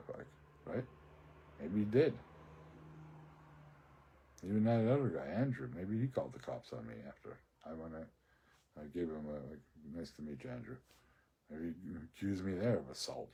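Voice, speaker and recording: A man's voice: sits low, dark tone, breathy edge. A man rambling through a profane personal rant into his phone, breaking into laughs often. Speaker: social media ranter.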